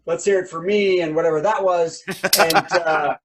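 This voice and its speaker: High-voiced joking male comedy host. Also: steady tone, normal speed, noisy background. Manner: rambling, joking, upbeat. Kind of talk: live online comedy show hosting.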